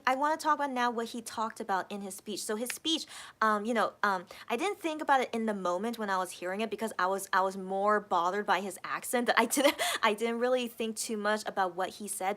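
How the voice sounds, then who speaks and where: A woman's voice: medium pitch, bright, forceful tone. An American woman hosting a casual live chat, reading out viewer comments and rambling on with lots of repeated words. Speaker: livestream host.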